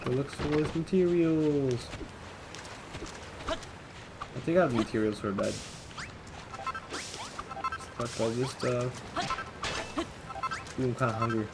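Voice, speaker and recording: A man's voice: medium pitch, steady tone, takes it slowly, long pauses, over music. A man hosting a let's play, talking through casual gameplay commentary and mumbling to himself as he reads game text aloud.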